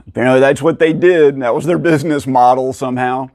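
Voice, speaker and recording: A man casually telling stories about finding rare video games, acting out the people in them with sudden jumps in pitch and frequent laughs. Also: fast, no echo, studio quality. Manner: animated, acts out quoted dialogue with pitch jumps. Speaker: video game collector and channel host. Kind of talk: casual storytelling to camera.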